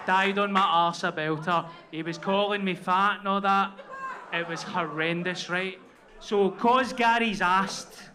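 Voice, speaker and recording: A Glaswegian man telling a story as a comedian on stage, sweary and self-deprecating, often asking "right?". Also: high-pitched. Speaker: comedian guest. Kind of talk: live stand-up storytelling. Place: comedy venue. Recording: live room with loud crowd and noise.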